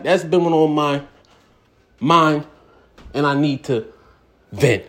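A man's voice: a little high, slow pace, a bit bright. A man hosting a ranting vlog segment, talking in a profane, drawling way while smoking. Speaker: vlog host.

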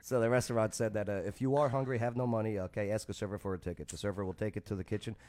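A man's voice: on the low side, rapid-fire. A man hosting a morning show, teasing his co-hosts and joking in casual banter. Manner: teasing, animated, jokey.

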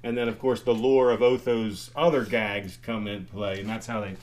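A man's voice: fairly low pitch, steady tone, moderate pace, a little mellow. Older man, former athletic trainer, casual storytelling, rambling, chuckling. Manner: rambling, restarts, laughs while telling stories. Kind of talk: casual storytelling in a group chat.

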